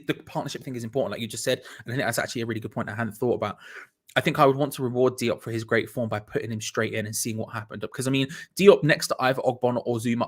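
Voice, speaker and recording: A young man from England hosts a live football stream in a loose, rambling way, reading viewers' messages and poking fun at himself as he goes. His voice sits at an everyday middle pitch, and he often trips over his words and starts his sentences again. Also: fairly bright tone. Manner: rambling and self-mocking, with restarts and playful asides. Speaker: host of a live football watch-along.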